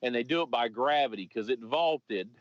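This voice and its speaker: A man's voice: mid-range voice, normal speed, dry recording. A man who used to be a police officer spins a rambling, profane story in casual podcast talk, full of restarts. His voice is dry and a little muffled.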